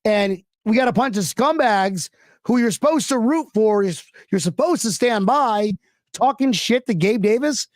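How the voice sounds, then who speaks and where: Chatty, high-voiced male stream host. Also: expressive, moderate pace, no echo, studio quality. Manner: loose, rambling, profane, chatty with viewers. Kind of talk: live sports talk stream.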